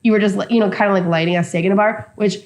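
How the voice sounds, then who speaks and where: A woman's voice: mid-range voice, fairly even intonation, very fast, a little mellow. A woman, a bartender, recalling a bar incident in casual chat, chatty with many "like" fillers. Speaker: bartender and podcast co-host.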